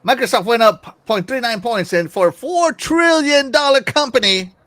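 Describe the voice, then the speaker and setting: High, lively male podcast host. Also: normal speed, no echo. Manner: animated, teasing, reads viewer comments aloud. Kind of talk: casual gaming news chat.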